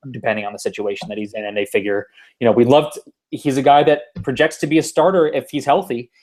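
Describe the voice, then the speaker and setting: Over an online call on a home computer mic, a podcast host chats casually about sports, rambling with plenty of fillers and restarts. His mid-range voice is a little mellow.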